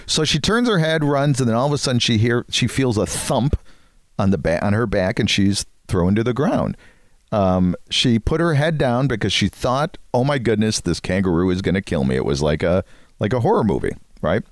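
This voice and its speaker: A man's voice: lowish voice, animated, normal speed, dry recording, clean studio sound. A man co-hosting a podcast, telling a story in a rambling, joking way with frequent chuckles. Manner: rambling storyteller, chuckles often, self-mocking. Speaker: podcast co-host. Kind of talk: casual chat.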